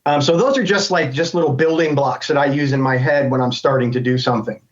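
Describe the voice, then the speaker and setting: A middle-aged American voice actor, a guest in a casual interview chat, talks fast in a medium-pitched voice, thinking aloud and rambling with many restarts. The recording has a dull, lo-fi sound.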